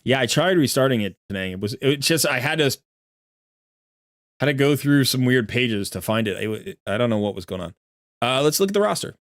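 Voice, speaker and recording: A man's voice: medium pitch, sing-song, fairly quick, dry recording, clean studio sound. A man giving chatty, rambling live-stream commentary as he looks through a viewer's game account, often correcting himself.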